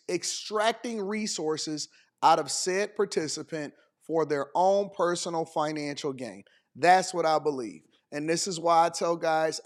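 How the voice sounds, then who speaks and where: A man giving emphatic, preachy reaction commentary, firing off rhetorical questions and repeating phrases for emphasis. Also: high-pitched. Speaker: dating commentator.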